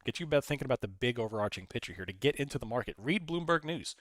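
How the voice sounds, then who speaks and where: A man's voice: mid-range voice, expressive, very fast, a bit bright, no room sound. A man hosting a casual live stream, rambling, reading chat messages aloud and talking through his trades. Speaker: livestream host.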